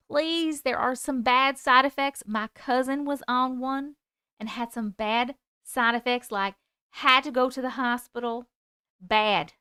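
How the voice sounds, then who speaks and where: Bright, clear-voiced woman live-streamer. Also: high-pitched, no room sound, studio quality. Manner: chatty, reads out viewer comments and thanks gifts. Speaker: host reading chat on a livestream. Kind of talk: casual live-stream chat.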